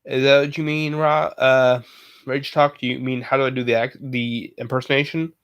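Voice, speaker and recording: A man livestreaming, chatting casually with viewers in a halting way, full of fillers and self-corrections. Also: medium pitch, level tone, a bit bright, smooth. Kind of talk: casual live chat.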